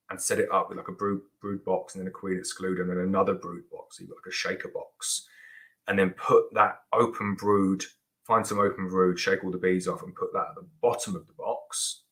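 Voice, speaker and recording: A man's voice: sits low, fairly bright tone, low-quality recording. A man hosting a casual live question-and-answer show, chatty and rambling with lots of restarts and fillers. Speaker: beekeeper host answering viewer questions.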